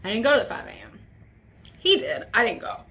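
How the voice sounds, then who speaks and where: A young adult vlogger tells a personal story in a casual, profane way, emotion coming through in her voice. Her voice is a little high, sing-song and a bit bright, and she speaks a little fast.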